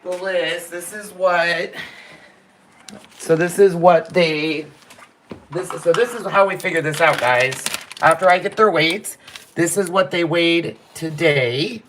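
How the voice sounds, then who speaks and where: A man's voice: on the high side, slow pace, a bit bright, a little hiss or hum. A man hosting a home video, methodically explaining a puppy weight chart and reading out figures. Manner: methodical, reads figures off a list. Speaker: host, puppy breeder.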